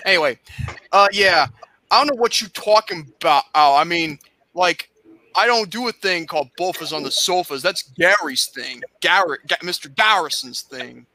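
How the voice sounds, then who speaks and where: Bright, teasing male podcast co-host. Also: high voice, animated, moderate pace. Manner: teasing, loud, laughing. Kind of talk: casual joking chat.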